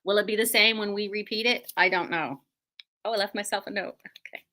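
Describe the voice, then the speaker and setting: A woman's voice: mid-range voice, fairly even intonation, fairly quick, sharp tone. A middle-aged woman, hosting a casual livestream from her quilt shop, joking and self-deprecating as she rambles.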